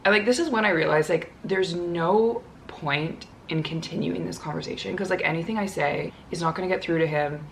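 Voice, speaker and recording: A woman's voice: lowish voice, fairly quick, creaky, few pauses, slight background noise. A young woman telling a personal story in a casual vlog, chatty and full of "like". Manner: chatty, heavy use of "like", quotes others in her own voice.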